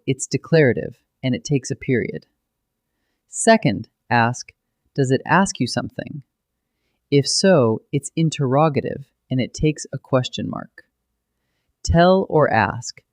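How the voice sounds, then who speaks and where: Man, grammar lesson narration, patient, clear, mid pitch, close dry mic. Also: a little mellow, no room sound. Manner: clear, patient, explaining step by step. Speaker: grammar teacher.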